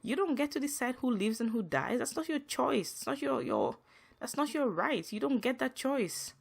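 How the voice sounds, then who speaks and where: Woman ranting solo on her podcast, emphatic, keeps repeating herself, goes higher when worked up. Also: lively intonation, moderate pace, creaky, breathy edge. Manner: emphatic, repetitive, rises in pitch when upset. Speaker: podcast host. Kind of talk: solo podcast monologue, venting.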